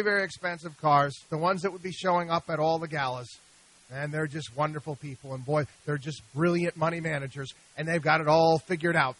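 A man's voice: a little high, pushed and bright, no room sound, rough recording. A middle-aged man hosting a radio talk show, talking animatedly and with exasperation, often repeating himself and restarting sentences. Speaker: radio show host, investment advisor.

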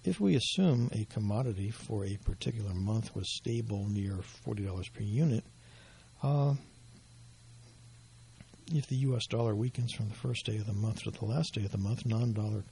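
A man giving financial market commentary in a measured, explanatory way, his voice going hoarse. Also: lowish voice, animated, dark tone. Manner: measured, explanatory, with dry asides. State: losing his voice.

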